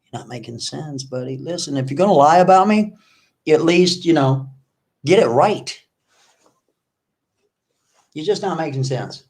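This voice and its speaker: A man's voice: a little high, animated, unhurried, pauses often, a little mellow. A man hosting an online video, ranting at an absent rival in an accusing, mocking way and repeating himself often. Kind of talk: confrontational livestream rant.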